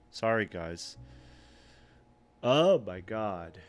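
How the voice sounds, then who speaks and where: Slow-talking low-voiced man. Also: lively intonation, fairly bright tone, faint music behind. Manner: offhand, mocking, trailing off with fillers. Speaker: podcast co-host. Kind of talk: casual outfit commentary on a livestream.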